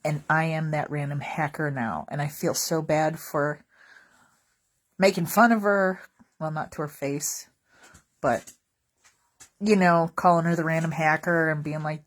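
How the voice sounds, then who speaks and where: A woman with a slightly low voice talks casually to her viewers in a vlog. She tells stories with a wry, joking tone and wanders off into asides. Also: steady tone, unhurried, pauses often. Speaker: vlogger. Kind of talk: casual comedic storytelling.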